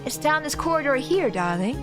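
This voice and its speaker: A woman's voice: high voice, big pitch swings, voice pushed up. A woman voicing a flamboyant, gushing older hostess who calls everyone darling, with a theatrical purr over game music. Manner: theatrical, drawn-out purring "darling".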